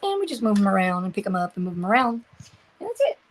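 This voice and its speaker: A woman's voice: mid-range voice, big pitch swings, quick pace, poor audio. An older woman, hosting a casual craft livestream, chatting and reading viewer comments as she works. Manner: chatty, reads viewer comments aloud, trails off searching for words.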